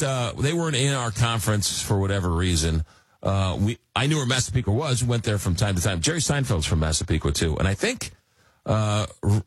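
A middle-aged man from Long Island hosting a radio talk show, telling stories in a rambling, animated way. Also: on the low side, breathy edge, no echo. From Long Island, New York. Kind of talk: casual radio chat.

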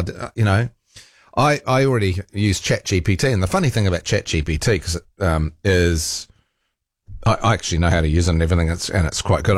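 A man's voice: on the low side, no room sound, studio quality. A New Zealand man hosting a talkback radio show, chatting casually and poking fun at himself, with plenty of fillers. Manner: chatty and self-mocking, with frequent fillers and laughs. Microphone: studio microphone.

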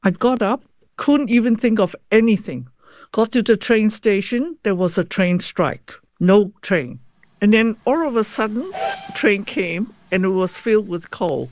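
An older woman from Hong Kong, once a home economist, reminisces in an interview with a medium-pitched, expressive, slightly mellow voice and an unhurried pace. She is chatty and easygoing, laughs easily and speaks slightly broken English. The recording is very dry and close, with no room sound.

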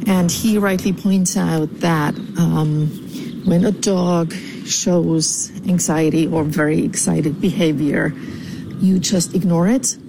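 A woman calling in to a podcast with a recorded voicemail, speaking deliberately with frequent ums. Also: lowish voice, fairly even intonation, creaky, noisy background. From California. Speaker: caller.

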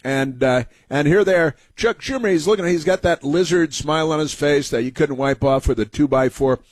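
A man's voice: a little high, normal speed, no echo. A man hosting a talk show, giving combative, rambling political commentary with frequent fillers.

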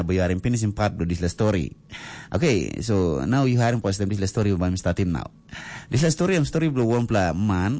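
A man's voice: deep voice, dark tone. A man with a Papua New Guinean accent, a radio DJ telling a story in a rambling, casual way full of fillers.

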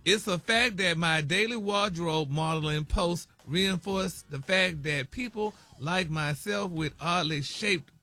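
A man who is a regular on a morning radio show, confident and animated, laughing at himself. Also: high voice, a little slow, hardly any pauses, soft background music. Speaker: radio show regular, word of the week segment. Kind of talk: comic radio banter.

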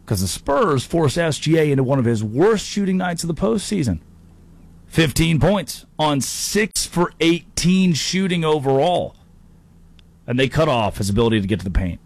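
A man hosting a sports talk show, delivering an energetic, jokey monologue with quick asides and playful impressions. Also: on the high side, creaky. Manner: animated, jokey, slips into mock impressions. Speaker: sports talk radio host.

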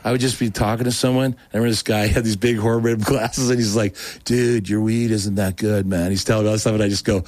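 A man's voice: fairly low pitch, fairly even intonation, rapid-fire, hardly any pauses, a little mellow, no echo. A middle-aged man from Oregon telling his conversion story as a guest, rambling with many restarts and laughing asides. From Oregon, USA. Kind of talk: casual testimony.

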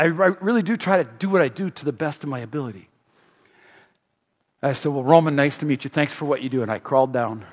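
A man preaching a sermon with a husky, breathy edge and a voice that sits high. He tells stories in a chatty way, restarting phrases and pushing loud on key points. The recording is muffled and carries a long hall reverb. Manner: chatty, repeats and restarts, rises loud for emphasis. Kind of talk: sermon with storytelling. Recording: dull echoey hall.

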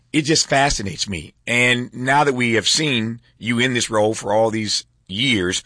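A man hosting an interview, keeping it moving with brisk, encouraging questions and quick asides about the time he has left. His voice is mid-pitched and sounds close and dry, with no room around it. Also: fairly bright tone, dry recording. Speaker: interview host. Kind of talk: radio-style interview.

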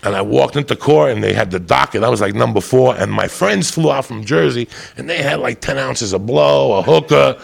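Gravelly, foul-mouthed male comic. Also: expressive, fairly quick, few pauses. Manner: profane, rowdy, leaps into loud high-pitched outbursts. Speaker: comedian. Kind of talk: stand-up storytelling to a live audience.

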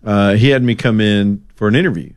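A middle-aged man, hosting a talk radio show and telling stories in a casual, animated way. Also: on the low side, fairly quick, smooth. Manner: animated storyteller, acts out quotes. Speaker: radio host.

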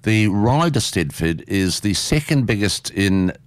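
A man's voice: fairly low pitch, animated, unhurried, dry recording. A man with an Australian accent hosting a community radio interview in an enthusiastic, chatty way.

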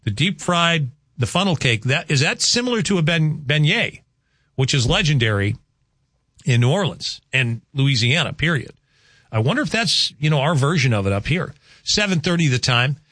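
A man's voice: on the high side, sing-song, moderate pace, fairly bright tone, dry recording, clean studio sound. A man hosting a morning radio show, talking in a rambling, chatty way and laughing easily. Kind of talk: casual radio chat. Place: radio studio.

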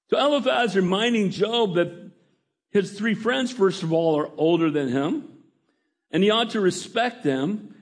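A middle-aged pastor with a high voice, slightly rough and touched with vocal fry, gives a sermon in a conversational style and often asks the congregation for an amen.

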